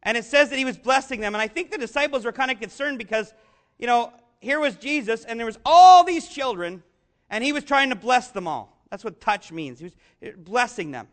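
A man preaching a sermon, earnest and conversational, rising to shouts on key lines. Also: extremely high pitch, lively intonation, fairly quick. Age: adult, father of young children. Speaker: pastor.

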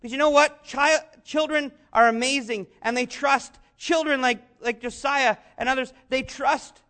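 A man preaching a sermon, earnest and conversational, rising to shouts on key lines. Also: very high voice, fairly even intonation, moderate pace. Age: adult, father of young children. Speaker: pastor.

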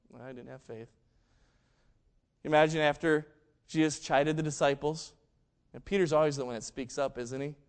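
Guy preaching, highish voice, storyteller, acts out the quotes, goes loud then real quiet. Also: clean tone. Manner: storytelling, acts out quoted lines with big swings in loudness. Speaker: pastor. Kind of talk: sermon.

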